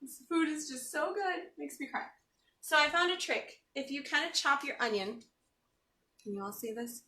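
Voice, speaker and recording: Chatty bright-voiced woman cooking on a live stream. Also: sits high, normal speed, distant mic. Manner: chatty and joking, reads viewer comments aloud. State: teary from chopping onions. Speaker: cooking show host. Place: home kitchen. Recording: echoey kitchen, off-mic.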